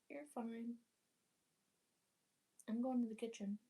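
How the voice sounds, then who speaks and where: A woman's voice: on the high side, steady tone, measured pace, a little mellow. A young woman chatting casually while cleaning her apartment, rambling with lots of fillers and casual swearing. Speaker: vlogger.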